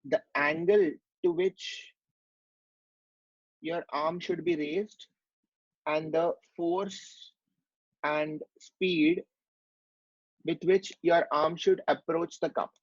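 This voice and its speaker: A man's voice: on the high side, fairly even intonation, very slow, pauses often, slightly rough, no echo, lo-fi sound. A man giving a medical lecture, explaining step by step and asking rhetorical questions.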